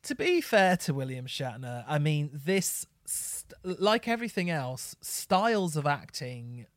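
A man's voice: a little high, big pitch swings, a little slow, no echo, clean studio sound. A man co-hosting a podcast, reflecting in casual chat with asides and fillers. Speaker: podcast co-host.

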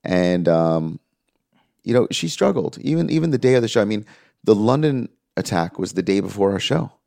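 A man with a lowish, creaky voice speaks at a moderate pace in a clean, echo-free studio recording. Appearing as an interview guest, this music manager tells an earnest tale, quoting others in lively voices.

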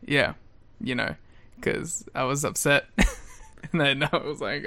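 A man's voice: on the high side, steady tone, moderate pace, bright, forceful tone. A man, co-hosting a podcast in laid-back, laughing chat. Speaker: podcast co-host. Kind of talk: casual chat.

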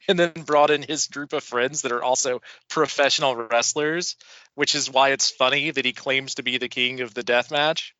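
A man's voice: medium pitch, steady tone, normal speed, pushed and bright, no echo, highs cut off. A man co-hosting a podcast, teasing and arguing back, swearing casually. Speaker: podcast co-host. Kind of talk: casual wrestling talk.

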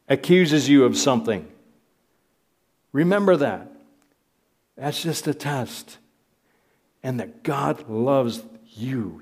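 Slow, earnest male preacher. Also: fairly high pitch. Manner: earnest, repeats phrases for emphasis. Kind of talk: sermon.

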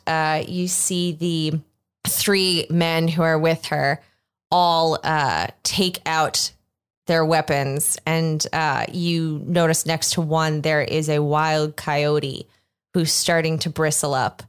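A woman narrates a tabletop game as game master. She speaks slowly and a bit low, with a relaxed, halting delivery full of small fillers. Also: clean tone.

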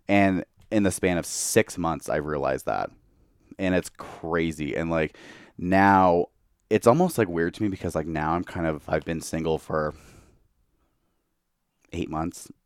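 A man's voice: low-pitched, unhurried, clean tone, dry recording, clean studio sound. A young man talking candidly as a podcast guest, a bit tipsy from tequila, filling his speech with "like.". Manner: candid, heavy use of "like". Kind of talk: casual chat.

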